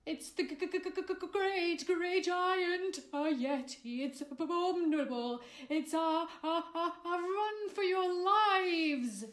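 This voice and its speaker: A woman's voice: very high-pitched, slow pace, few pauses, fairly bright tone, voice pushed up, exaggerated voice. A woman voicing a panicking man who leads a hike group; she gives him a stammering, shrieking voice. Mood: terrified. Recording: roomy echo.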